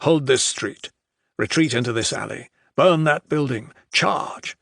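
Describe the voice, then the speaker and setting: A man voicing a coldly detached, inhuman general who speaks flatly and without emotion. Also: mid-range voice, vocal fry, breathy edge, dry recording, studio quality, exaggerated voice. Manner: flat, detached, unhurried.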